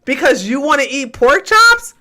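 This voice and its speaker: Speaking at a moderate pace in a high-pitched voice, an American livestream host from Georgia talks emphatically to her chat. She is animated and casual, swinging from loud outbursts to muttering.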